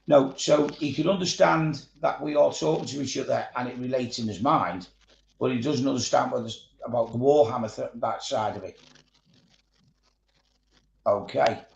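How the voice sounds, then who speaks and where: A Scouse man talks in a gravelly voice with a middle pitch, in relaxed and rambling chat. He swears often and drifts into stories. The sound has a roomy echo. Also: normal speed, slight background noise. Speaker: miniature painting streamer. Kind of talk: casual chat.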